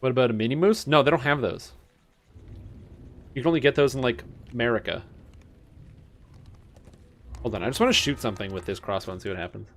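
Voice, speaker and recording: A man's voice: mid-range voice, fairly quick, long pauses. A young Canadian man streaming a game, with a Canadian accent, rambling and joking in casual, self-mocking commentary.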